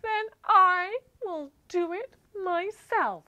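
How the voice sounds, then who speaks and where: A woman's voice: very high voice, extremely slow, sharp tone, no room sound, voice pushed up, exaggerated voice. A woman voicing a busy, hardworking little hen in a storybook tale for children. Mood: asking.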